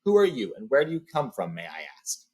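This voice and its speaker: A man's voice: medium pitch, wildly swooping pitch, brisk, slightly rough. Smaug, a man voicing a sly mocking dragon. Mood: probing. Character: huge proud cunning male dragon.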